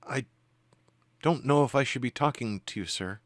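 A man's voice: mid-range voice, moderate pace, dry recording, pitched above the performer's own voice, lightly acted. A man voicing a timid young female spirit who speaks hesitantly and politely in a tabletop game. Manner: hesitant and deferential, says sir.

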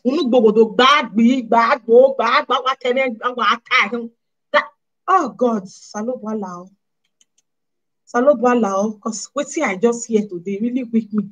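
Husky woman with a Nigerian Pidgin accent. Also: on the high side, muffled recording. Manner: animated, scolding, rhetorical questions. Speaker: vlogger. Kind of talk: casual monologue to camera.

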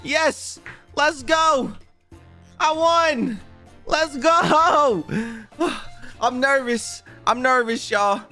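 Excitable man doing gaming commentary. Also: very high voice, drawn-out words, long pauses, faint music behind. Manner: excitable, repeats himself, talks straight to viewers. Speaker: gaming YouTuber.

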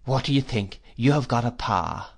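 A man voicing a kindly, flustered motherly servant in an audiobook, speaking softly and hesitantly. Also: medium pitch, normal speed, natural voice. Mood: breathless. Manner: soft, hesitant and breathless. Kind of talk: audiobook character voice.

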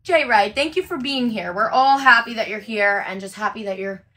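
A woman with a high, bright voice talks casually on a livestream as she packs orders. She chats in an upbeat, rambling way and fills pauses with ums and likes. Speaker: livestream host packing orders.

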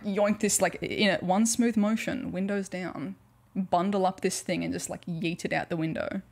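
A woman's voice: medium pitch, steady tone, normal speed, vocal fry. A young woman with an Australian accent, chatting casually and telling stories during a gaming livestream, laughing often. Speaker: streamer.

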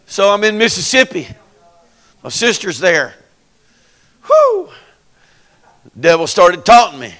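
A man preaching a sermon in a church, telling stories and building to loud preaching. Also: fairly high pitch, sing-song, measured pace, pauses often. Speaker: pastor. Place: church sanctuary.

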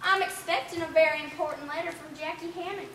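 A bold, fibbing orphan girl, played by a young actress pipes up high in a rough country way. The sound is roomy and distant, with steady noise behind it, as if the play was taped from the back of a hall. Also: fast talker. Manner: pushy, rural talk. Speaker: actor in a school play. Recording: roomy stage sound from far off, noisy.

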